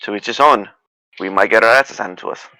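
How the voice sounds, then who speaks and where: A man's voice: fairly low pitch, brisk, background noise. A man playing a tabletop role-playing game, talking in character with wry, sarcastic humor. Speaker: player.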